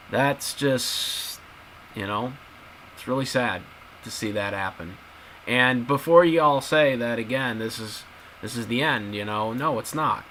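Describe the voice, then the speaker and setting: A man's voice: mid-range voice, bright, forceful tone, a little hiss or hum, low-quality recording. A man in casual video commentary, talking to his viewers and repeating his points emphatically. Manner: repetitive, emphatic, addresses viewers as guys. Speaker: YouTube commentator.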